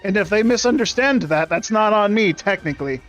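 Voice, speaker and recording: High-voiced sarcastic young man ranting. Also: animated, brisk, a bit bright, soft background music. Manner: sarcastic, profane, rambling. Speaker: streamer. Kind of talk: casual rant while gaming.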